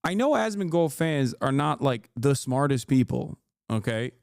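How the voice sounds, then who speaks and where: A man's voice: mid-range voice, big pitch swings, moderate pace, gravelly, a little mellow, no echo, studio quality. A man in his thirties streaming, giving casual sarcastic reaction commentary and laughing often.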